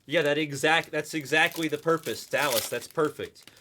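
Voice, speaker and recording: A man hosting a live card break stream, chatting loosely with viewers in the chat and pitching spots. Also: moderate pace, sharp tone, slight background noise. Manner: rambling, chatty, talks to the chat by name.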